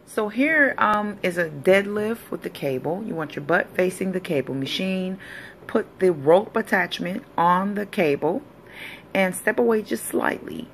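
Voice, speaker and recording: A woman's voice: medium pitch, expressive, unhurried, slight background noise. A woman personal trainer in a casual fitness vlog, explaining exercises in an upbeat, encouraging way.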